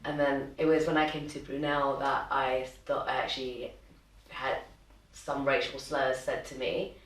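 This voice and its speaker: Young woman, low voice, chatty and laughing, sounds far off in an echoey room. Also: measured pace. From Sri Lanka. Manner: animated, laughs while telling stories. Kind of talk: casual chat. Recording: roomy, distant mic.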